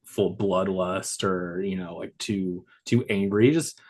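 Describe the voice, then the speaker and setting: A man's voice: sits low, steady tone, a little slow, darkish tone. A man co-hosting a podcast review, answering casually with many ums and uhs. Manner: hesitant, many fillers. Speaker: podcast co-host.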